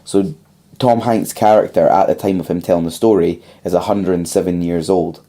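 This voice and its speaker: A man's voice: low-pitched, steady tone, moderate pace, warm tone. A young man co-hosting a casual podcast, retelling a film plot at length with lots of ums. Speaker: podcast co-host.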